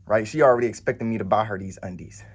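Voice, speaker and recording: A man's voice: lowish voice, quick pace, husky. A man telling a story to camera in a blunt, profane, rambling way. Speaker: vlogger. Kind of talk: casual storytelling.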